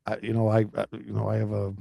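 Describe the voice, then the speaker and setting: A man co-hosting a casual chat, rambling and halting with many restarts. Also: fairly low pitch, completely flat delivery, gravelly, warm tone, no room sound. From United States. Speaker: podcast co-host. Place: Florida.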